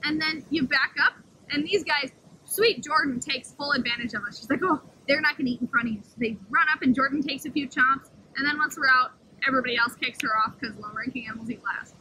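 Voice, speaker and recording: A woman's voice: a little fast, sharp tone, slight background noise, rough recording. A woman working as a wolf caretaker, talking enthusiastically to the camera outdoors beside the wolf pens. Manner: enthusiastic, talks to the wolves in a high sing-song voice. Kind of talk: casual outdoor explanation to camera.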